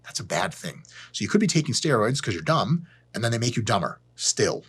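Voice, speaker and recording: Male fitness host, blunt and profane, deadpan jokes, slightly raspy voice. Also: mid-range voice, a little fast. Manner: sarcastic and blunt, swears freely; deadpan asides. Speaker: fitness educator hosting his channel. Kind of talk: profane, joking educational rant to camera.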